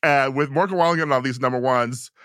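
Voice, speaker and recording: A man hosting a podcast in casual, gossipy chat, sassy and quick with asides. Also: medium pitch, a bit bright, no echo, studio quality. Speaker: podcast host.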